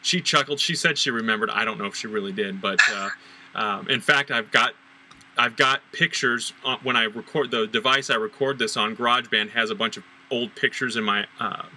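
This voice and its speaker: A middle-aged man hosting a podcast, casually recalling past events with fillers and pauses. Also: mid-range voice, slight background noise, low-quality recording. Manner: relaxed, recalling details with fillers. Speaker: podcast host.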